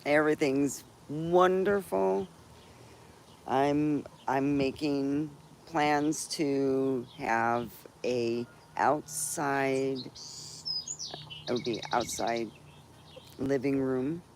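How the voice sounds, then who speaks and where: A woman's voice: extremely low pitch, drawn-out words, a little mellow. Rambling cheerful woman outdoors. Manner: rambling and cheerful, with frequent laughs and restarts. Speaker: live-stream host. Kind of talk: casual live-stream chat. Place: outdoors in a backyard under a tree. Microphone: phone live stream. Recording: noisy outdoor phone stream. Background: birds and chickens around.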